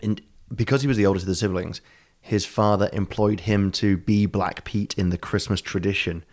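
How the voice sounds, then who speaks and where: A man's voice: fairly low pitch, fairly even intonation, normal speed, a little mellow. A man co-hosting a casual podcast chat, rambling and laughing as he talks. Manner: rambling, laughing, puts on silly accents. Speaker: podcast co-host.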